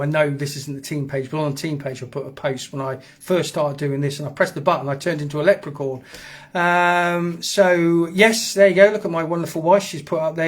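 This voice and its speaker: Chatty host, middle-high voice, rambling live-stream talk. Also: male voice. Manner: rambling, chatty, reads out viewer comments. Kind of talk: casual live stream chat.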